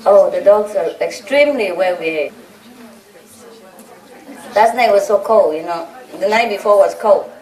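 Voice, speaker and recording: Her voice medium-pitched and darkish, a woman spiritual teacher speaks unhurriedly to her disciples, leaving long pauses. She teases, laughs and tells anecdotes in a chatty way. Some chatter and a large audience's laughter come through an echoey room recorded from afar.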